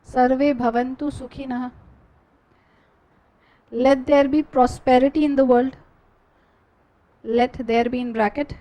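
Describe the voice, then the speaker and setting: A woman teacher with an Indian English accent, slowly dictating class notes and repeating each phrase for students to write down. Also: high-pitched, steady tone, mellow, poor audio.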